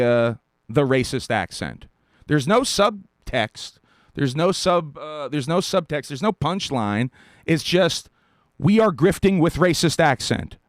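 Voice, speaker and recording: A man's voice: on the high side, no room sound, clean studio sound. Blunt, profane man ranting on a stream. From South Carolina. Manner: blunt, profane, emphatic with short laughs. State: dry mouth. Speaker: podcast host. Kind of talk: live-stream commentary rant.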